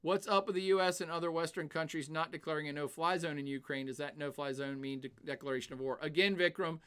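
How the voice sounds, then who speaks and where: Older male streamer, animated and chatty, answers viewer questions. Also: on the high side, fast, clean tone. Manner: animated, laughs often, puts on silly voices. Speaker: livestream host. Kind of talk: casual livestream chat, answering chat questions.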